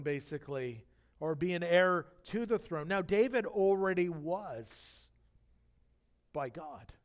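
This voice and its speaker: A man preaching a sermon as pastor, animated and acting out the scripture quotes in different voices. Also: sits high, slow pace.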